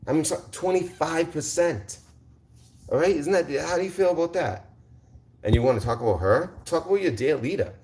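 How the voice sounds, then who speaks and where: A man's voice: on the high side, lively intonation, quick pace, darkish tone. A man hosting a livestream, confrontationally ranting at viewers in the chat, repeating rhetorical questions and swearing. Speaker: livestream host. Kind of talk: heated livestream rant.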